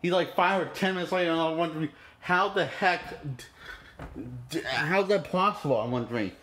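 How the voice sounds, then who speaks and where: A man's voice: on the high side, normal speed, fairly bright tone. A man reviewing a movie in an indignant, profane, rambling rant. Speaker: movie critic.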